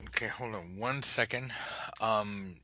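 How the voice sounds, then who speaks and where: Husky, animated male podcast host. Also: lowish voice, unhurried, no echo, dull audio. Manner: animated, drops to a whisper for asides. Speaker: podcast host and tarot teacher. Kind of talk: ranting podcast talk. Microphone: internet call microphone.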